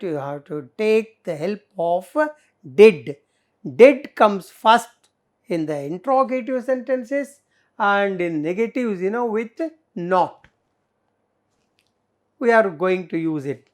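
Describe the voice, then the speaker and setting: A woman's voice: medium pitch, darkish tone. A middle-aged woman teacher, explaining grammar in a classroom lesson, full of fillers and rhetorical questions. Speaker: English teacher.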